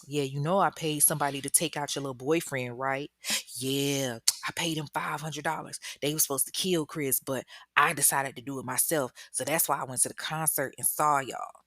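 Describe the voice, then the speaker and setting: Casting: a woman doing a volatile captor boyfriend, blunt and slangy, low and dry. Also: steady tone, moderate pace, fairly bright tone, dry recording. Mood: menacing. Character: volatile controlling man, boyfriend turned captor.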